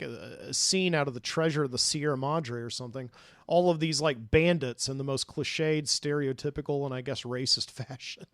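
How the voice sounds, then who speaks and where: A man's voice: a little high, a bit bright, no echo, clean studio sound. A man, a podcast host, casually recounting a dream in a rambling way, full of fillers and restarts.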